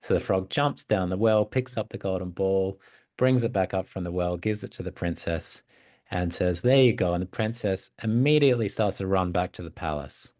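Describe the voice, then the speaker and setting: Man, very low voice, podcast guest, storytelling, reflective, animated. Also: normal speed, dry recording, clean studio sound. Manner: reflective, animated retelling with many fillers. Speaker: guest, psychotherapist and mythologist. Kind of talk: conversational storytelling.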